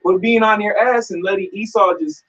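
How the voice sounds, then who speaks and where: A man with a husky, slightly high voice reads scripture in a measured way, then urges his listeners on. The recording is dull and lo-fi, muffled on the top end. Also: fairly bright tone. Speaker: scripture reader. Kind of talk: preaching discussion. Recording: dull lo-fi sound.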